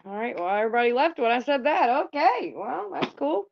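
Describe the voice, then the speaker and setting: Casting: woman host, lively swooping voice, blunt and profane, casual chat, dry dull phone sound. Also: sits high, a little fast, vocal fry, hardly any pauses, no echo. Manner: blunt and profane, chatting with viewers. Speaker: livestream host.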